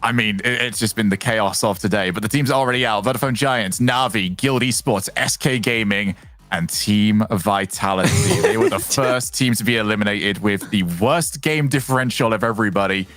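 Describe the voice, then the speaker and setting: A man hosting an esports broadcast desk, briskly running through qualified and eliminated teams. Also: lowish voice, a bit bright, soft background music.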